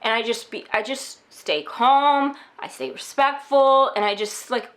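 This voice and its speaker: A woman's voice: fairly high pitch, a bit bright. A young American woman giving candid, casual advice in a chatty vlog monologue, full of fillers. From United States. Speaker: vlogger.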